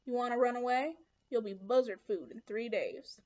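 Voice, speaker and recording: A harsh camp guard who taunts the boys in his care, voiced by a woman reading a storybook. He speaks in short, blunt lines, a little high in pitch. The recording is dull and lo-fi. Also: normal speed, a little mellow, natural voice. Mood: taunting. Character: harsh, mocking adult male camp guard.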